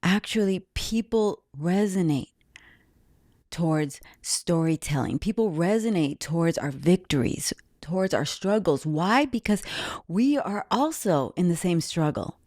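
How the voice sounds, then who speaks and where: A woman's voice: fairly low pitch, expressive, measured pace, a little mellow, dry recording, studio quality. A woman podcast host giving an earnest, reflective, faith-based talk about her own life.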